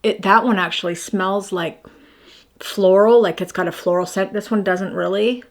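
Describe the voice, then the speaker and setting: A woman's voice: medium pitch, fairly even intonation, moderate pace. A woman in her fifties chatting casually through her morning skincare routine, rambling and self-deprecating as she shows each product. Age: 50s. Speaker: beauty vlogger.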